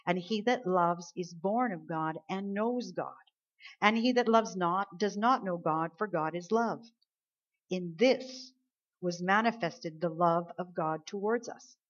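Through dull-sounding audio, a woman delivers a sermon that shifts between quiet, low passages and loud, stretched-out emphasis.

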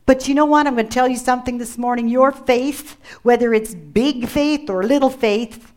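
A woman's voice: fairly high pitch, normal speed, a little mellow. A woman preacher delivering a sermon, emphatic, repeating key phrases and calling on listeners by name.

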